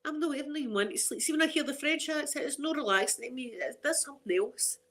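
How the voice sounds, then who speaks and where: A middle-aged Scottish woman hosts an ASMR channel, chatting casually and rambling to her viewers with frequent restarts and laughter. Her voice is high-pitched and a bit bright, and she talks fast.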